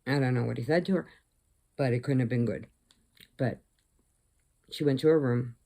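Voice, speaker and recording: A woman's voice: very deep voice, gravelly. A middle-aged woman vlogger casually retelling a movie plot, acting out the lines and sometimes dropping to a whisper. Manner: animated storyteller, acts out lines, drops to whispers.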